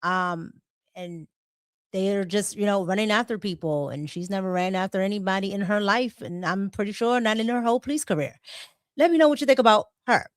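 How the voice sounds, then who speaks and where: A woman's voice: medium pitch, a little fast, no room sound, studio quality. A woman hosting a casual livestream, chatting, reading super chats aloud and laughing often. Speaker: livestream host.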